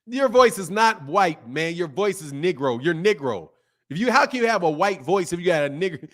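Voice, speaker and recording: A man hosting a boxing live stream and ranting in a sarcastic, heated way, swinging from mock pleading to loud outbursts. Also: sits high, expressive, normal speed. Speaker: boxing channel host. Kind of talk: live-stream commentary and rant.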